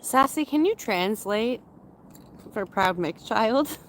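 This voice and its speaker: A woman in her thirties from Canada, casually chatting with her livestream viewers in a slow, rambling way, with a runny nose. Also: a little high, lively intonation, fairly bright tone, a little hiss or hum. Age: 30s. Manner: slow, rambling and chatty, with frequent fillers and laughs. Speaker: livestream host. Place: outdoors in a forest area.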